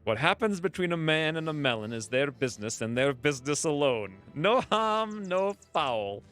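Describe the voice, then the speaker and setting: Dude doing a tired tied-up villager, kinda resigned flat drawl. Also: male voice, fairly high pitch, moderate pace, soft background music. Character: shackled village man accused of melon theft, resigned. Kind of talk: let's play character reading.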